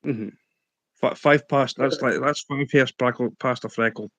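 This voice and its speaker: A man's voice: mid-range voice, steady tone, a little slow, fairly bright tone, dry recording. A man with a Scottish accent chatting casually on a live stream, laid-back, laughing easily and hesitating with fillers.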